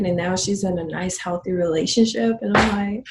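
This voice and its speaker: A middle-aged woman as an interview guest, telling stories warmly and acting out her clients' words. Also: on the low side, normal speed, reverberant, very noisy. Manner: warm storytelling, acts out clients' lines. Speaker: guest, photography business owner. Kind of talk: conversational interview.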